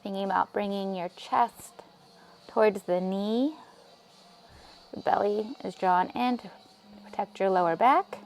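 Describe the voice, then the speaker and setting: A woman leading a yoga class, giving calm, encouraging cues with soft breathy asides. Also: medium pitch, unhurried, pauses often. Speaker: yoga instructor. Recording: music playing faintly behind.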